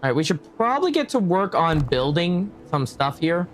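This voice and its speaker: Animated, swearing male game streamer. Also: a little high, moderate pace, a little hiss or hum. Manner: animated, swears a lot, laughs often. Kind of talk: casual gameplay commentary.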